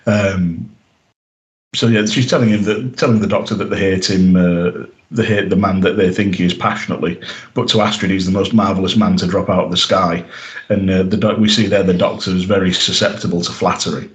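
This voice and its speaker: A man's voice: deep voice, steady tone, brisk, poor audio. A man hosting a podcast, chatting casually with frequent fillers, restarts and laughter. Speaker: podcast host.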